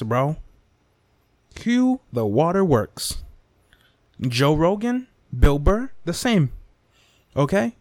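Animated, profane young man ranting. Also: mid-range voice, no room sound, studio quality. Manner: animated, profane, repetitive, swings into mock whispers and impressions. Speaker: podcast host. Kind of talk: casual rant monologue.

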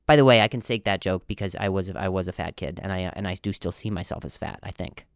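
A man's voice: sits low, quick pace, creaky, clean tone, no room sound, studio quality. A man hosting a comedy podcast with a strong stutter, repeating words and blocking on sounds, self-deprecating and rambling. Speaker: podcast host.

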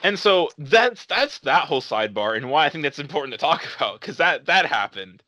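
A young man hosting a casual podcast, his voice bright and forward. He rambles through a story and acts out the voices of the people in it. The sound is close and dry, with no room around it. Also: on the high side, sing-song, brisk, no echo. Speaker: podcast host.

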